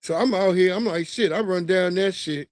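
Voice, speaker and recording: A man telling a long, profane childhood story on his livestream in a streetwise, animated way. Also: high voice, moderate pace, no room sound, studio quality. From New York. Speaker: livestream host. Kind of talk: casual storytelling.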